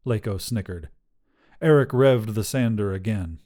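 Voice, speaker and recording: A man narrating a short fiction podcast in a measured, scripted way. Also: lowish voice, dark tone.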